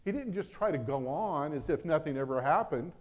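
This middle-aged pastor's sermon is animated and brisk, delivered in a voice on the high side. He moves emphatically from loud declarations to quiet, hushed asides.

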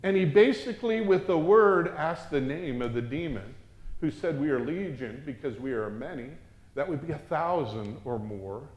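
A man delivering a sermon, his somewhat high voice rising to loud, urgent exhortation and then dropping to a hushed, reverent murmur. The room gives his voice a noticeable echo. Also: lively intonation, moderate pace. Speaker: preacher.

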